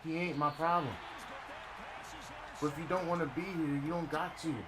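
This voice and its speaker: A man's voice: fairly high pitch, steady tone, normal speed. A young man streaming a football game, talking casually to his chat in a slangy, mocking way. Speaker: gaming streamer. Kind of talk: casual live-stream talk. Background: game crowd noise.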